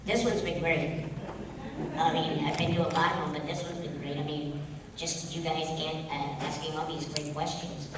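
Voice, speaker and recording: A man's voice: fairly high pitch, flat delivery, moderate pace, noisy background. A man answering fan questions at a convention panel, joking and offhand. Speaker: guest of honour. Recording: echoey hall from far off.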